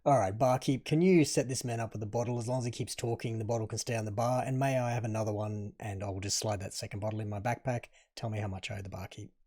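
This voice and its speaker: A man playing a tabletop role-playing game, speaking politely and deliberately. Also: fairly low pitch, fairly even intonation, mellow. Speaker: player. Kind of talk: tabletop game chat and in-character talk.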